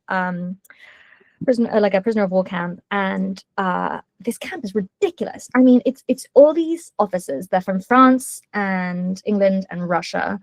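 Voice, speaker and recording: A woman author in a casual interview, telling stories in a lively way with quick asides and many fillers. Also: medium pitch, no echo.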